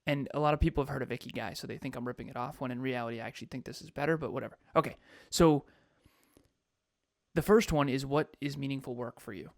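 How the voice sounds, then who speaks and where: A man in casual podcast chat, speaking with a gravelly, fry-tinged voice at a middling pitch. He talks with animated emphasis and laughs often. The sound is dry and close, with no room around it. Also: fast, no echo. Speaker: podcast co-host and coach.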